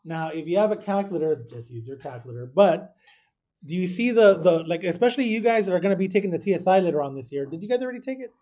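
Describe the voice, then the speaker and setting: A man's voice: high voice, lively intonation, fast, dark tone. A man teaching a math class, talking through arithmetic step by step and checking in with students. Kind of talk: classroom lesson.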